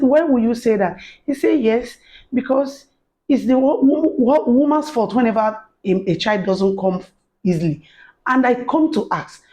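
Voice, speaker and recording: A woman's voice: fairly high pitch, dark tone, low-quality recording. Earnest woman giving testimony. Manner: earnest, preacherly, acts out quoted voices. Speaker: faith encouragement speaker. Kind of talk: personal testimony to camera.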